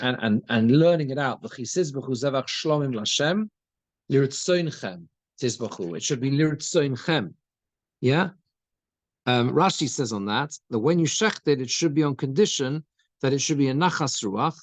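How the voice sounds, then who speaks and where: A man's voice: mid-range voice, no echo. Rabbi guy teaching torah to a small group, reads hebrew then explains it, lots of restarts, dry close sound. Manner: translates Hebrew phrases as he goes, many restarts. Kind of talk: conversational Torah class.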